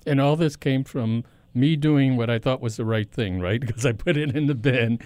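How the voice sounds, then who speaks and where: A man's voice: medium pitch, moderate pace, darkish tone, no room sound. A man hosting a radio interview show from a studio, talking in a conversational way and laughing easily. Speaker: radio talk show host. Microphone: studio microphone.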